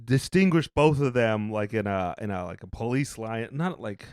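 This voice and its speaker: Deadpan, teasing male podcast co-host. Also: lowish voice, normal speed, clear, resonant tone, no echo, clean studio sound. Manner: teasing, deadpan jokes, stumbling restarts. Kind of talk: casual banter.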